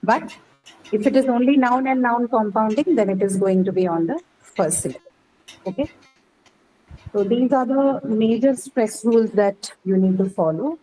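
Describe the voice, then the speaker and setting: A woman teaching an English class, explaining slowly and checking in with "right?" after each point. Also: a little high, dark tone, faint music behind, rough recording. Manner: explains patiently, says "right?" often. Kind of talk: online class lecture.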